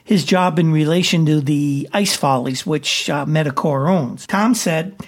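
Man reporting sports news, slightly high. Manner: brisk, matter-of-fact delivery with occasional filler "uh".

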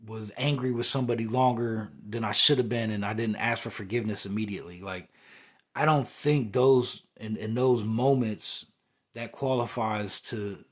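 A man's voice: on the low side, measured pace, husky. A young man hosting a podcast, talking through a heated, rambling spiritual monologue that often circles back to "you know what I'm saying". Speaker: podcast host.

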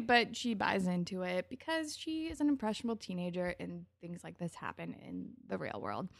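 A young woman co-hosting a casual recap podcast, chatty and animated, acting out characters' lines with big jumps in her voice. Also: lowish voice, moderate pace, vocal fry, few pauses, dry recording, clean studio sound. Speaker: podcast co-host.

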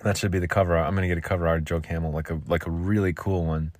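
A man rambles through a solo podcast in a goofy, jokey way. His voice sits on the low side, and the sound is dry and close, as if from a makeshift home vocal booth. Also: steady tone, racing, no room sound. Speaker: podcast host.

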